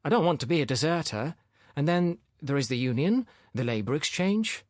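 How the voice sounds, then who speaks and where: A cocky, boorish young lout with a high, bouncing voice that swings up and down, insolent and self-righteous in every line, as a male audiobook reader puts him on. He sounds dry and close, like a storybook character read straight into the mic. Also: animated, normal speed, a little mellow, no room sound, natural voice. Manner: cocky, indignant, sullen.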